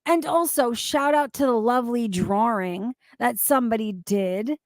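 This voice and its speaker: High-voiced woman, slow and emphatic, indignant profane commentary, dry close mic. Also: dry recording. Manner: indignant, swears heavily, bursts into shouting and laughter. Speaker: commentary YouTuber reacting to clips.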